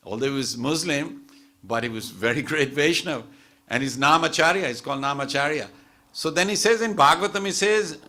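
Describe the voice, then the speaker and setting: Bright-voiced man giving a chatty sermon. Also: mid-range voice, brisk. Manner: chatty storytelling with many asides and restarts. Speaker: temple speaker. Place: temple hall.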